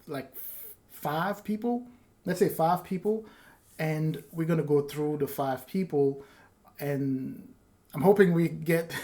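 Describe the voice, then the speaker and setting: Fairly high in pitch yet dark in tone, this male YouTube host runs a giveaway vlog for his channel. His talk is casual and meandering, full of apologies and nervous laughter.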